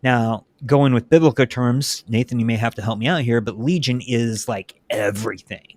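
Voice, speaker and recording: A man's voice: medium pitch, moderate pace, a little mellow, dry recording. Rambling, chatty male podcast host. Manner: rambling, self-correcting, chatty. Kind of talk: casual podcast discussion.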